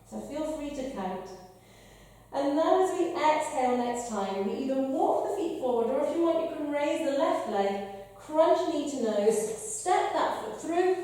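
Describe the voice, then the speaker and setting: Calm high-voiced woman leading yoga. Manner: calm, encouraging cueing of breath and poses. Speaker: yoga instructor. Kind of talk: guided yoga class instruction. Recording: echoey hall, voice from far off.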